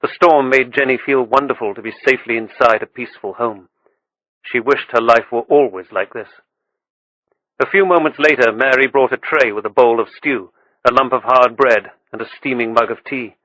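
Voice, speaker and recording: A man reading an audiobook with steady, measured storytelling. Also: medium pitch, no room sound, lo-fi sound. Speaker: audiobook narrator. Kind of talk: scripted audiobook narration.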